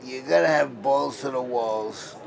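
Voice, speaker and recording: A man in his sixties, a former boxer, speaks unhurriedly in a creaky, medium-pitched voice. Telling stories in an interview, he's blunt and emphatic and often restarts his phrases, with crowd noise and murmur surrounding the mic.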